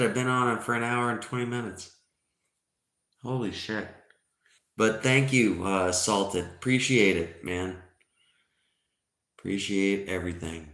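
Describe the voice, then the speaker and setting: A man in his forties chatting loosely on a livestream, cracking jokes and answering chat. His voice sits very low. The room adds a noticeable echo. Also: a bit bright. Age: 40s. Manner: joking, chatty, reading chat aloud. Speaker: livestream host. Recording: roomy echo.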